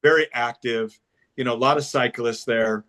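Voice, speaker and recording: A man's voice: medium pitch, steady tone, normal speed, fairly bright tone. An older man, a guest on a podcast, telling a self-deprecating story in a casual chat over a remote call.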